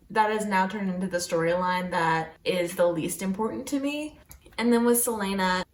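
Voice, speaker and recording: A woman's voice: medium pitch, roomy sound. A woman vlogging casually about a book she is reading, chatty and gushing, often saying "like". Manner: gushing and chatty, frequent "like" fillers. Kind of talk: casual reading vlog chat.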